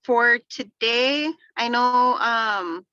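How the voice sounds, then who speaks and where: A woman on a casual call, slowly relaying questions from her team. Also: on the high side, bright, forceful tone, dry recording, muffled recording.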